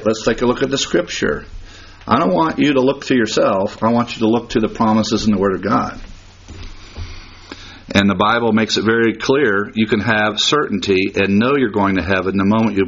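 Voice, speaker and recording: A man's voice: fairly low pitch, fairly bright tone, dull audio. A man preaching a sermon, hammering points through repetition and chuckling at his own jokes. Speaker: pastor.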